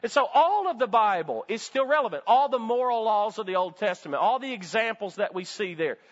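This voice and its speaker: A man with a high voice preaches in a church sanctuary, leaning on emphatic call-and-response and rhetorical questions. The recording is a bit muffled, and his voice trails off into a long hall reverb. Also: lively intonation, fairly quick. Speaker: pastor. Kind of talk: sermon.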